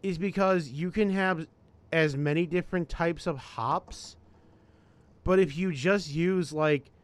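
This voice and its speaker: A man's voice: a little high, clear, resonant tone, dry recording. A man in casual chat, rambling and swearing as he thinks his opinions through. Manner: rambling, profane, deliberating.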